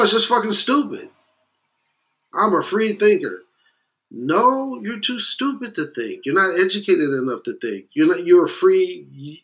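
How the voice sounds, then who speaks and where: A man of West Indian heritage delivering a blunt, profane opinion rant, with loud emphatic bursts and muttered asides. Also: fairly high pitch. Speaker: commentator.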